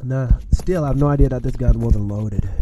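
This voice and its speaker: A young man from Australia telling a frightening personal story in a casual, animated way, often ending phrases with "man". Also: medium pitch, fairly quick, background noise. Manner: animated, self-mocking, acts out his own panic; repeats lines and ends phrases with "man". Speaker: podcast storyteller.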